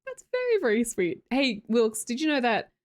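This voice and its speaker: A woman's voice: a little high, normal speed. A young Australian woman live streamer chatting casually with her viewers, reading their messages aloud, laughing often and swearing freely.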